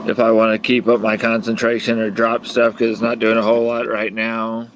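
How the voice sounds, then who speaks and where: A man's voice: lowish voice, monotone, fairly quick, muffled recording, faint music behind. A man playing a tabletop game, thinking through his options matter-of-factly. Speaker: player.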